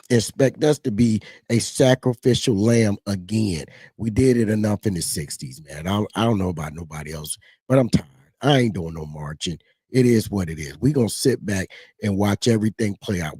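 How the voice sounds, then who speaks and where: A man gives casual political commentary, rambling and animated. His voice is husky and mellow. The sound is dry and close. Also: fairly low pitch, dry recording. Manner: animated, rambling, mocks others in put-on voices.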